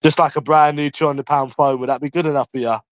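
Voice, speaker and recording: A brash man with a London accent rambles through a casual live stream from his room at home, swearing freely. His voice sits somewhat high for a man. The sound is dry and close, with no room echo. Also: fairly even intonation, fast.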